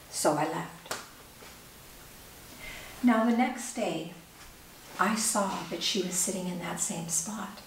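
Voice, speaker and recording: Earnest middle-aged woman telling a story. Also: mid-range voice. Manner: earnest, measured, with pauses. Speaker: author and speaker. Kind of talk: personal storytelling talk. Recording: echoey room, distant mic, faint hiss.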